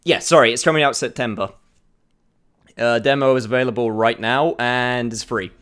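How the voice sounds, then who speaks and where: A man streaming a game demo, talking casually and excitedly as he plays. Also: clear, resonant tone. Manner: excitable, enthusiastic, quick shifts in pitch. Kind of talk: casual gameplay commentary.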